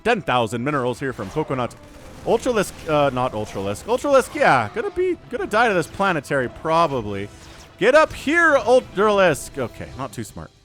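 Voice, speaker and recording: A man casting a strategy game match solo, giving excitable play-by-play with jokey asides and little voiced quips for the units. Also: on the high side, moderate pace, soft background music. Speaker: esports shoutcaster.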